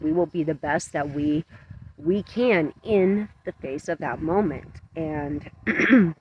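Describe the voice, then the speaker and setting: A man talking earnestly to his camera outdoors at dusk, his voice shaky from cold and emotion, halting and self-conscious. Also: on the high side, dull audio, a little hiss or hum. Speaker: vlogger. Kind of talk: emotional outdoor vlog monologue. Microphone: camera mic up close.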